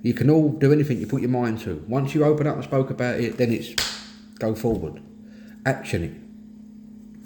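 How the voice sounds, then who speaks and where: A middle-aged man with a London Cockney accent speaks in a low, mellow voice, plain-spoken and earnest. The sound is echoey, as if recorded in a bare room, with a faint hiss underneath. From East London, England. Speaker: host of a mental health talk. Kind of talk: candid personal monologue.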